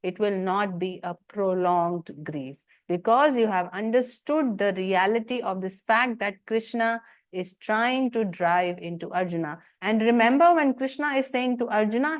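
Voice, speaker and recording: A woman, teaching as a spiritual teacher in an earnest commentary talk full of rhetorical questions and emphatic repetition. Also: a little high.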